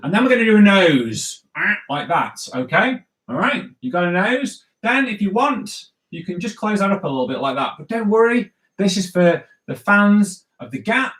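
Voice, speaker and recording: Playful, lively man teaching drawing. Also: sits high, normal speed. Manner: playful, chatty, jokey teacher talk with frequent "right?" and "okay?". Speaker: comics artist teaching drawing. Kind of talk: live drawing tutorial for kids. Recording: echoey room.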